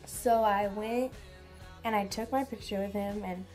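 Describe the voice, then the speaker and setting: A woman's voice: mid-range voice, fairly even intonation, measured pace, darkish tone, faint music behind. A teenage girl telling a vlog story in a giddy, gushing way, full of "like" fillers. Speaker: vlogger.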